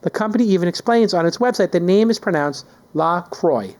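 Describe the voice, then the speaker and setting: A man hosting a podcast in casual chat, animated and joking, ranting with mock outrage. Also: high-pitched, fairly quick. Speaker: podcast host.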